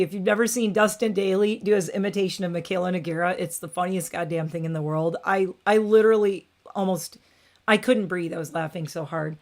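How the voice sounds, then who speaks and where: A woman hosting a casual livestream, rambling and opinionated, with frequent "like" and restarts. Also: medium pitch. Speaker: beauty channel host.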